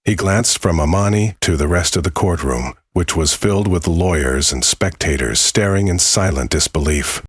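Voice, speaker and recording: A man giving a measured, solemn scripted narration of a dramatic story. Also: deep voice, husky, no room sound, studio quality.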